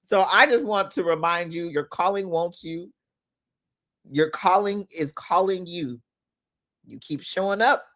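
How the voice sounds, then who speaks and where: Animated, laughing woman preaching encouragement. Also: lowish voice. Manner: laughs often, preachy, emotional. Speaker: inspirational speaker. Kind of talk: motivational livestream talk. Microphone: phone.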